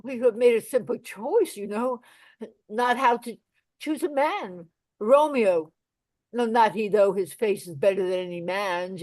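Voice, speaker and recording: A woman's voice: mid-range voice, a little mellow, no room sound, lightly acted. A woman reading the part of an old, chattering female nurse, rambling and complaining with big swings in volume, in a Shakespeare play reading.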